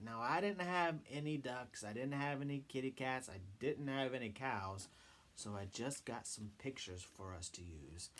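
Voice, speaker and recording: Lively, slow-talking children's music teacher man. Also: mid-range voice. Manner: coaxing, asks children questions; cheerful and encouraging. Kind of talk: children's sing-along lesson.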